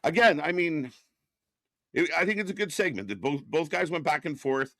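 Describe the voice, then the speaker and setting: Bright lively guy doing live watch-along chat, dry close mic. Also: on the high side, no room sound. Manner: animated, laughs often, quick questions. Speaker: co-host.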